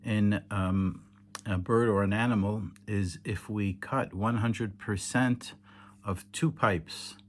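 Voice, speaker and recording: Tired man teaching, low voice. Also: fairly even intonation, slow. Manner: patient, explanatory, many "um"s and self-corrections. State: tired, yawning. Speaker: teacher demonstrating kosher slaughter. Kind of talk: tired late-night instructional video. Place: home indoors in Israel, at night.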